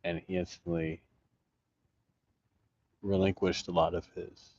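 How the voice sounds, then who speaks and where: Low-voiced rambling man. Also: level tone, a little slow, darkish tone, breathy edge, no room sound, muffled recording. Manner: rambling, profane, restarts sentences. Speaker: vlogger. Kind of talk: casual storytelling vlog. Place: outdoors in an urban jungle, sleeping rough.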